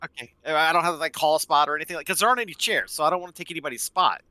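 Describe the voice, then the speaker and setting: A man's voice: fairly high pitch, racing, sharp tone, no echo. A man playing in a tabletop game, casual and rambling, often cutting himself off. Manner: rambling, self-interrupting. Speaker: player.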